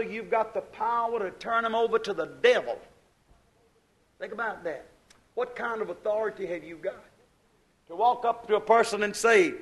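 Preacher, male, high voice, swings between shouting and hushed asides. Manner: preaching with sudden loud bursts and hushed drops. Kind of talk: sermon.

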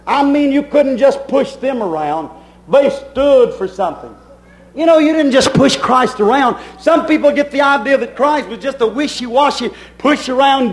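A middle-aged man, preaching a fervent sermon as pastor, dropping suddenly quiet and then bursting out with emphasis. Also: very high-pitched, low-quality recording.

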